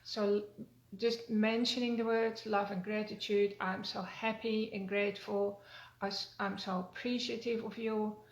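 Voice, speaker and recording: A woman teaching a self-help wellness practice, talking gently and repeating phrases, with many fillers. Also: mid-range voice, roomy sound, rough recording. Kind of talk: spoken self-help talk.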